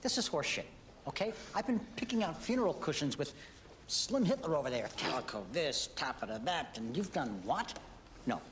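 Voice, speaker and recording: An actor playing a rude, scheming male party official, talking fast and indignantly in a New York accent, in a film. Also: fairly high pitch, sing-song, fairly bright tone, a little hiss or hum. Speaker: film character.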